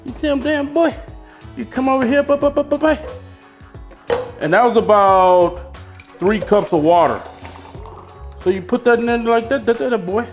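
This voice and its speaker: Hyped, slangy man with a high voice. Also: moderate pace, long pauses, soft background music. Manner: loud, hyped, slangy and boastful. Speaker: fitness vlogger. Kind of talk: casual vlog.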